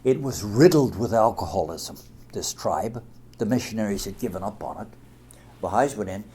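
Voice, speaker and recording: A man giving a religious talk to an audience, speaking emphatically, with big swings in loudness. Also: fairly low pitch, animated, moderate pace, breathy edge.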